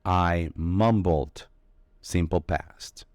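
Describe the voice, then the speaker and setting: Male English teacher, lowish voice, dry close sound, emphatic delivery. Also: darkish tone, no room sound. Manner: slow, emphatic explaining with drawn-out key words. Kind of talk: vocabulary lesson.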